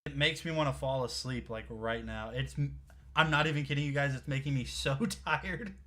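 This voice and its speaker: Bright, chatty young male streamer. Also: medium pitch, normal speed. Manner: excitable, chatty, talks straight to viewers. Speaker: livestream product showcase host. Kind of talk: casual live-stream chat.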